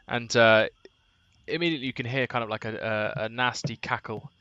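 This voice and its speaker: A man narrating as game master, hesitant and full of pauses and restarts. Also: medium pitch, steady tone, sharp tone, no room sound, highs cut off. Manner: hesitant, many ums and restarts.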